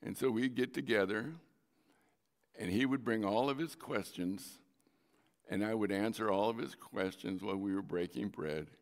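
Gravelly low-voiced male preacher. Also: moderate pace, big-room sound. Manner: emphatic storytelling, stretching key words. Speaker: pastor. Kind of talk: sermon with personal story.

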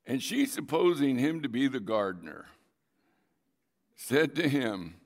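A man's voice: mid-range voice, big pitch swings, a little slow, big-room sound. A man preaching a sermon, reading scripture aloud and explaining it in a conversational way, with dramatic readings of the quoted lines.

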